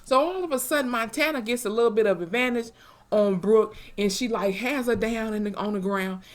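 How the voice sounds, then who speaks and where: A young woman, recapping a TV episode in an animated, profane way and acting out the characters' lines. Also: on the high side, fairly quick. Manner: animated, profane storytelling with acted-out quotes. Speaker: TV episode reviewer. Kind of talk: casual recap vlog.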